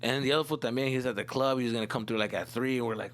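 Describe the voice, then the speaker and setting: Animated, profane male storyteller. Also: medium pitch, very fast, hardly any pauses. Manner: animated, profane, mixes in Spanish slang. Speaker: comedian and podcast host. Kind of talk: storytelling on a comedy podcast.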